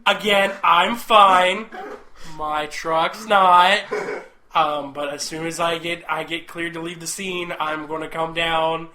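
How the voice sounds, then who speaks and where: Young guy rambling thru a story on a podcast, bright clear tone, keeps tripping over words and laughing. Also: a little high, steady tone, slow. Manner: rambling, repeats words, laughs through the telling. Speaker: podcast co-host. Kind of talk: casual storytelling chat.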